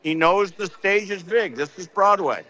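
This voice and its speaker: A man's voice: high-pitched, expressive, a little slow, pushed and bright. An older man hosting a late-night sports radio show, rambling casually with lots of fillers and repeats. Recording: slightly dull broadcast audio.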